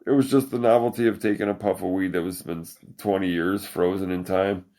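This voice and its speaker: Low-voiced man telling a crude story. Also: steady tone, a little fast, mellow. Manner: profane, rambling, laughs often. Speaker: podcast host. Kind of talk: casual storytelling chat.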